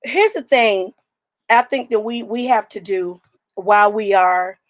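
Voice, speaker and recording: A woman joining a casual chat as a guest over a video call, chatty and quick with asides. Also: mid-range voice.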